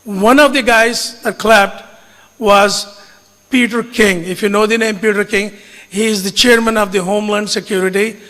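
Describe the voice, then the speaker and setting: Male speaker, high bright voice, earnest storytelling, hall reverb. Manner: earnest, deliberate, mixes in Hindi phrases. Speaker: speaker recounting his media engagement. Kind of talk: storytelling talk to an audience.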